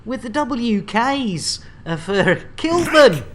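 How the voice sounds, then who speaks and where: Slow, bawdy woman streamer. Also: fairly high pitch, big pitch swings, background noise. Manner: bawdy, jokey banter. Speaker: game streamer host. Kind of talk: casual game-stream chat.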